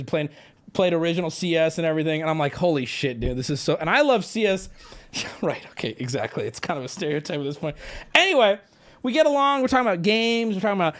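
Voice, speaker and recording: A young man telling a rambling story on a live stream, talking to chat and swearing freely. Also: fairly high pitch.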